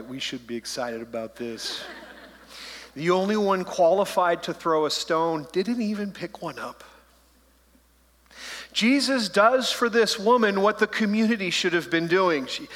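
A man's voice: fairly high pitch, fairly bright tone. A man preaching a sermon as pastor, conversational and playful, slipping into joking voices. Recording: long hall reverb.

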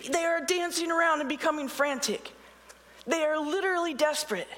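A woman's voice: sits high, brisk, fairly bright tone, big-room sound. Woman pastor, casual preaching delivery, dry sarcastic asides between scripture readings. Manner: conversational, sarcastic asides, reads scripture aloud. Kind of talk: sermon.

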